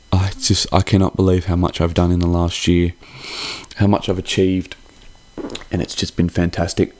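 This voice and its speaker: A man's voice: deep voice, darkish tone. A young man hosting a podcast. He gives a casual, heartfelt holiday sign-off that rambles and swears freely. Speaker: podcast host.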